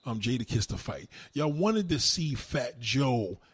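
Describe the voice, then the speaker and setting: A man ranting to a live chat as a streamer, loud, heated and profane. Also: medium pitch, very animated, a little slow, breathy edge, no room sound. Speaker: online streamer.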